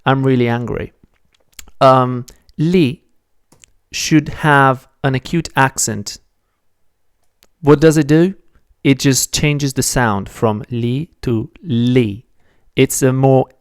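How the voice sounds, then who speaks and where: A man's voice: mid-range voice, vocal fry, clear, resonant tone, no echo, studio quality. A man teaching a beginner language lesson, patiently explaining step by step and correcting his own slips. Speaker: Italian teacher.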